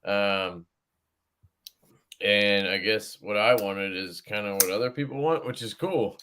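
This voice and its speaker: A man's voice: on the low side, measured pace, pushed and bright, a little hiss or hum. A man hosting a casual live stream, joking crudely with a guest and greeting viewers by name. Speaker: host. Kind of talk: casual livestream chat.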